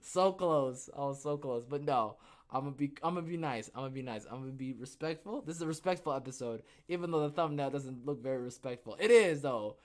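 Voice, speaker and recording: A young man hosting a casual livestream podcast, rambling and joking, who bursts into loud, excited outbursts. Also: mid-range voice, fast talker. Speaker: podcast host.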